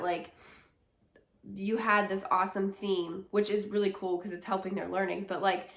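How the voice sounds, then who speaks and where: A woman talking from her couch at home, slightly nasal and congested, with a mid-pitched voice. She chats in an encouraging, filler-heavy way. The room gives her voice a noticeable echo. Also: fairly bright tone. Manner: chatty and encouraging, with many fillers. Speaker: teacher and health coach. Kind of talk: casual talking-head advice vlog.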